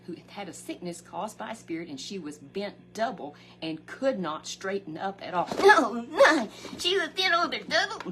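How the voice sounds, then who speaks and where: A woman telling a Bible story for children in a homespun, chatty way, often rising into excited exclamations. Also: a little hiss or hum. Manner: animated, exclamatory, swoops high on emotional words; chatty, homespun, talks straight to the listener. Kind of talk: folksy Bible story told to a puppet.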